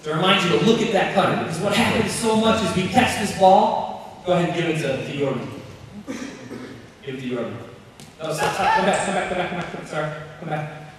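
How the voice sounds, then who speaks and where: A basketball coach with a high voice runs a clinic, calling out quick repeated cues and joking with his players. He is picked up from far away in a big, booming gym with a long reverb tail. Faint room noise sits underneath. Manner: calls out drill cues in quick repeated bursts; joking, encouraging. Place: large gym.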